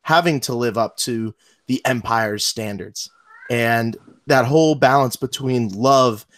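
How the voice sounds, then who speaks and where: A man's voice: mid-range voice, unhurried, a bit bright. A man hosting a podcast interview, talking enthusiastically in long run-on sentences and affirming his guest. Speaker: podcast host. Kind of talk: casual conversational interview.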